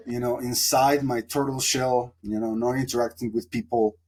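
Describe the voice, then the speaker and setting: A man's voice: medium pitch, fairly even intonation, moderate pace, a little mellow. A man from Mexico, a podcast guest telling a long, reflective story with lots of fillers. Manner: reflective, rambling with many fillers. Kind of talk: casual storytelling interview.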